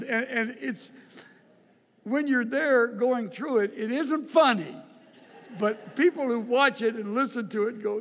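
Older male pastor, folksy joking sermon delivery, slow pace, echoing hall. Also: extremely high pitch, creaky. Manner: folksy storytelling with humor, repeats words. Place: church auditorium.

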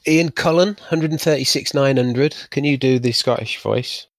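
A man's voice: mid-range voice, normal speed, no echo. A man from England co-hosting a podcast, reading out listener scores in a laid-back way, with brief murmured replies in between. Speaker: podcast co-host.

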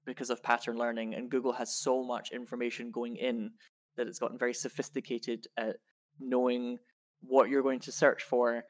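A Scottish woman co-hosting a casual podcast. She talks things through aloud with plenty of fillers and laughs easily. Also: very deep voice. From Scotland. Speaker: podcast co-host. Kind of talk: casual chat about a science article.

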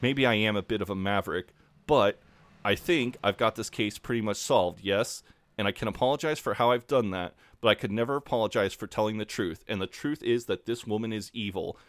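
A man playing a pompous, self-righteous male juror who delivers a fast, grandstanding speech. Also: lowish voice, fairly bright tone, no room sound, natural voice.

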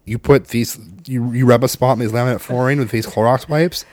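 A father telling an animated, profane story, dry close sound. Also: medium pitch, brisk, no echo. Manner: animated, profane, acts out voices in his story. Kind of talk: casual storytelling chat.

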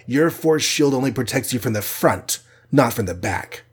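A man's voice: medium pitch, animated, normal speed, husky. A man reading aloud and voicing an armored male hero who speaks in a grating, mocking way. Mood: cool.

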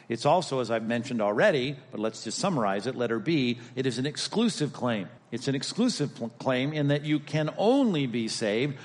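A man's voice: medium pitch, long reverb tail. A man teaching a Bible lesson, emphatic and methodical, repeating key points as he reasons step by step. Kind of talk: recorded teaching lecture.

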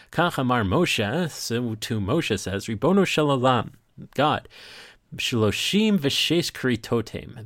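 A man's voice: mid-range voice, no echo, clean studio sound. A man hosting a weekly podcast as a rabbi, reading Hebrew passages aloud and translating them line by line. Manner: reads Hebrew text then translates line by line. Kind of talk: podcast text study.

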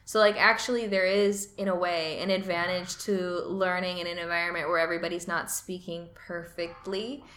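A woman's voice: lowish voice, level tone, moderate pace, hardly any pauses, fairly bright tone. A woman co-hosting a casual chat about learning Mandarin. She is chatty and laughs often. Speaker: podcast co-host. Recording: roomy echo.

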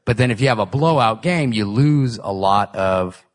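Lower-voiced man explaining casually. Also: lively intonation, moderate pace. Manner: explanatory, jokey asides. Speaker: podcast co-host. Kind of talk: casual chat.

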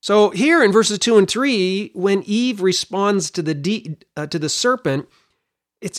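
A man teaching a Bible passage, his voice pitched a little higher than most men's. His delivery is animated and expressive. He often repeats a word as he works through his point. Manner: animated, explanatory, repeats words while thinking.

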